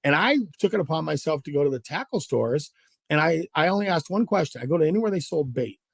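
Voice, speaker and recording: Animated male storyteller, dry close sound. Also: a little high, fast, gravelly, husky, dry recording. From Southern California. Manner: animated, acts out dialogue in stories. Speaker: guest angler. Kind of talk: casual storytelling interview.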